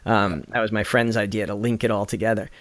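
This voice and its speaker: A man's voice: fairly low pitch, fast talker, no echo. A middle-aged man, a musician guest, chatting casually and animatedly in an interview, acting out quotes as he tells stories. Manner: animated storyteller, acts out quotes.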